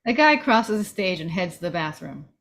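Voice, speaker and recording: A woman's voice: lowish voice, very animated, moderate pace, fairly bright tone. A woman reading the stage directions aloud at a table read, plain and matter-of-fact.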